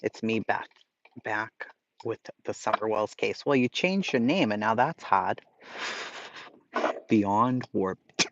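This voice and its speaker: A man's voice: fairly low pitch, animated, unhurried, no echo. Boston-accented male streamer, blunt and profane, casual rant over slightly dull, lo-fi audio. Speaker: livestream host reading chat. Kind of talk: casual chat.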